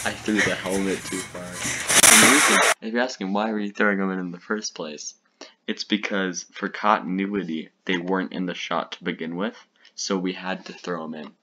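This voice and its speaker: A young man with a very deep voice gives casual reaction commentary. He rambles through his explanations with plenty of fillers and laughter. The recording carries clear background noise. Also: steady tone, normal speed. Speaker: creator reacting to his old videos. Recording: noisy recording.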